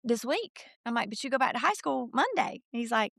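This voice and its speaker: A middle-aged woman, mother of a college football recruit, is a guest on a podcast telling a long story in casual chat. Her heavily fried, gravelly voice sits a bit above average pitch, fairly bright, very animated and a little fast, full of fillers and quoted voices retelling conversations. The close, dry recording has no echo or room sound.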